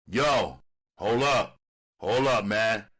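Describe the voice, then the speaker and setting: A man's voice: low-pitched, lively intonation, unhurried, a bit bright, breathy edge, voice pushed down, full character voice. A man voicing a hot-tempered young hustler who barks threats and orders. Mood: menacing. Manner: barked, threatening.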